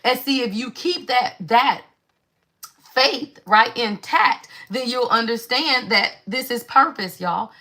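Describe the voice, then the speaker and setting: A woman reading tarot cards to her viewers in a chatty, animated way, asking questions and answering them herself. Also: fairly high pitch, slow. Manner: chatty, repeats "y'all" constantly; animated call-and-response questions. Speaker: spiritual tarot reader. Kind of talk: casual tarot reading livestream.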